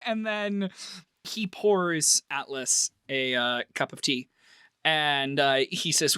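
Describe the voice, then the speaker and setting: A man narrating a tabletop role-play game as game master, animated and laughing often. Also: fairly high pitch, slow, smooth, dry recording, studio quality.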